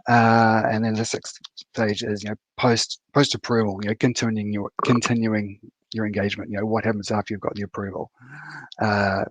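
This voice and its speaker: Male speaker, fifties, low voice, dry close sound, relaxed presenter with lots of "uh"s. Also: brisk, no echo. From New Zealand. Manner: casual, many fillers and restarts. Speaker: conference speaker. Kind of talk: conference talk presentation. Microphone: video call.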